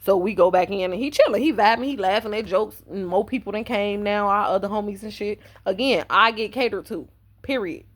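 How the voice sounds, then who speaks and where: A woman's voice: medium pitch, fairly quick. A woman telling a personal story on her vlog in a casual, blunt and profane way. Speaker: vlogger.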